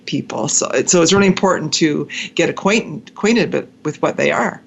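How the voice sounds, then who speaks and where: A woman's voice: low-pitched, expressive, normal speed, creaky, husky. A woman host interviewing a guest, talking with friendly hesitation and frequent restarts. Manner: hesitant, many restarts, affirming. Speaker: podcast host. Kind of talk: casual interview.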